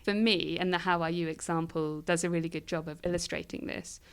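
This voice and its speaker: Woman, lowish voice, smooth and clear, thoughtful, explanatory, interview guest. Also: flat delivery, brisk, hardly any pauses. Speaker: guest philosopher. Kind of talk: interview conversation.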